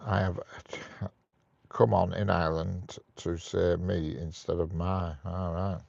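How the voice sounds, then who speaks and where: A man's voice: deep voice, level tone, unhurried, vocal fry, a little mellow, no echo, highs cut off. A man hosting a casual live stream, joking and chatting with viewers as he reads their comments. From United Kingdom. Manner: chatty, jokey, laughs at his own jokes.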